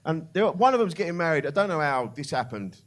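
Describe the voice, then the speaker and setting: A man's voice: on the high side, sing-song, quick pace. A man doing a stand-up comedy set in a club, brash and swearing, mocking laddish banter. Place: comedy club with live audience. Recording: live club with crowd laughter.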